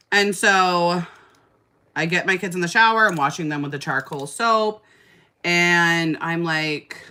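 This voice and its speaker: Low, bright-toned woman telling a wild story. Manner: animated, exaggerated storyteller who swears casually. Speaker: livestream host doing makeup. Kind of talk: casual storytelling while doing makeup.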